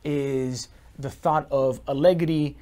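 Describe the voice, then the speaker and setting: A man co-hosting a sports show, talking football in a casual, analytical way with quick restarts. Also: mid-range voice, steady tone, warm tone. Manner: fast, talkative, analytical with frequent restarts.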